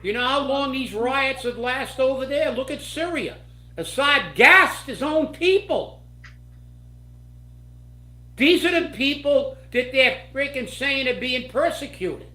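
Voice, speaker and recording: A man delivers political commentary in a slow, deliberate rant full of indignation. His voice echoes around a roomy space. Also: extremely high pitch, expressive, pushed and bright. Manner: angry, indignant ranting.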